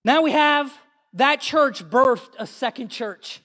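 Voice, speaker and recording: Brief: male preacher, high voice, impassioned sermon, swells into shouting in church. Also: lively intonation, slow pace. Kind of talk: sermon testimony.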